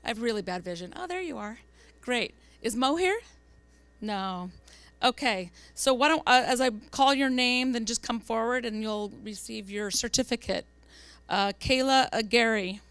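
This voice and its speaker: Bright high-voiced woman board member. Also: clean tone. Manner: earnest, reads names slowly and carefully. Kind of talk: presenting awards at a public meeting.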